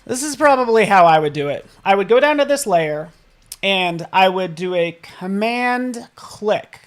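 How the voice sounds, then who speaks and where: A man hosting a live software tutorial, upbeat and playful, often checking in with the viewers and tossing in silly sound effects. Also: high-pitched, expressive, a little slow. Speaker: design software instructor.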